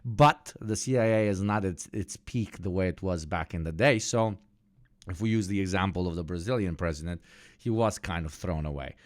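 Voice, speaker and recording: A man's voice: deep voice, normal speed, no echo, clean studio sound. A man streaming live, reacting to news clips with sardonic, jokey commentary, swearing and laughing as he goes.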